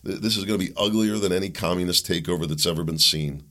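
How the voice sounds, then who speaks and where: A middle-aged man hosting his own podcast, rambling and animated, mocking his opponents in put-on voices. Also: sits low, fast talker. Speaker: podcast host. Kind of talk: opinion podcast monologue.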